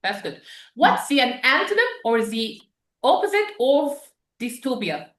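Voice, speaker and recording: A woman teaching an English vocabulary class, patient and quick with praise as she explains words. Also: sits high, big pitch swings, echoey room.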